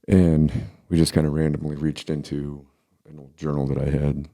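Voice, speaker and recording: A man in his forties telling a personal story casually, halting and restarting as he goes. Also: extremely low pitch, flat delivery, creaky, warm tone. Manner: halting, with many pauses and restarts.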